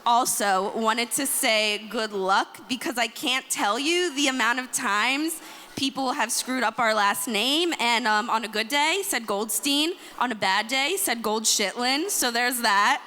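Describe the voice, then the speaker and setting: A woman's voice: fairly high pitch, unhurried, sharp tone. A woman in her twenties giving a joking wedding toast as the groom's sister, in a reception hall. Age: 20s. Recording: echoey hall with faint ambience.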